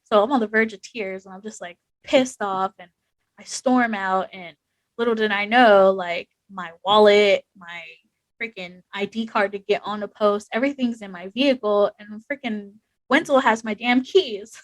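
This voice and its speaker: A young woman speaks candidly as a podcast guest, her voice sitting at an ordinary middle pitch. She talks frankly and emotionally, with plenty of "like" fillers. The recording is dry and close. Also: moderate pace, no room sound, poor audio. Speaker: podcast guest, Army veteran. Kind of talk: candid conversational storytelling.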